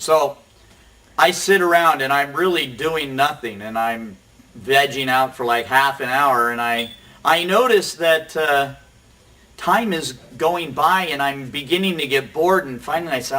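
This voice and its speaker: A man's voice: on the high side, bright, forceful tone, recorded from a distance. A middle-aged man casually telling a rambling, self-deprecating story as host of a recovery show. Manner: rambling, self-deprecating, quotes people in quick asides.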